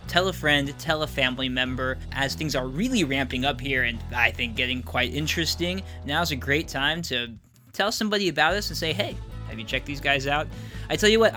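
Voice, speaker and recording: A man's voice: on the high side, sharp tone. A man hosting a tabletop game podcast, reading the outro and plugs in an upbeat, chatty way with small fillers. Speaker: podcast host.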